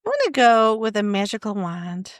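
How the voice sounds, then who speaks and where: A woman's voice: mid-range voice, big pitch swings, moderate pace, no echo, clean studio sound. A young woman co-hosting a podcast, chatting casually and reading quiz questions aloud with laughs. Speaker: podcast co-host. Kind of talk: casual chat.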